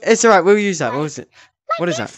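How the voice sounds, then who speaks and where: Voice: mid-range voice, very animated, highs cut off, background noise. A vlogger in casual game chat, bossy and laughing while directing other players. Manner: bossy, laughing, gives quick instructions.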